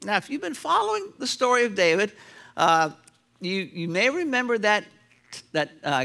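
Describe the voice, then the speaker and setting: A middle-aged male pastor delivering a sermon, his high voice swinging up and down as he tells stories. His tone is bright and forceful. He slips into quick impressions of the people he quotes. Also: vocal fry. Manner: animated preacher acting out quoted voices. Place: church sanctuary.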